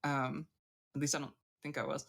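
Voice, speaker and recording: A woman playing a tabletop role-playing game, talking hesitantly with many pauses and fillers. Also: deep voice, flat delivery, gravelly, fairly bright tone. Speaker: player. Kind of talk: casual tabletop play.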